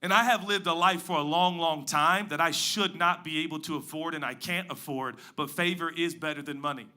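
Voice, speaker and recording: A man preaching a sermon as pastor, moving between loud emphatic lines and quiet hushed asides. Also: a little high, fairly quick. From Pacific Northwest.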